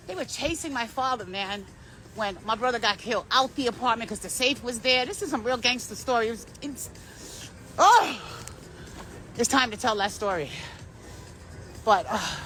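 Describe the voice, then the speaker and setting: A high-voiced woman talks straight to her viewers in a long, rambling monologue, swearing freely as she goes. Her pitch leaps and swoops wildly from line to line. Faint vehicle noise hums behind her. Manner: profane, intense and animated, with sudden shifts. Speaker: vlogger.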